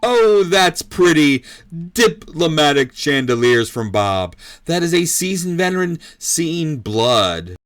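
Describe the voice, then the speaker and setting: A man's voice: very animated, slow, a bit bright, no echo, exaggerated voice. A man putting on the voice of a hyped boxing ring announcer, calling punchy play-by-play in a dry, close-miked sound. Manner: booming, punchy play-by-play calls. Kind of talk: mock fight commentary.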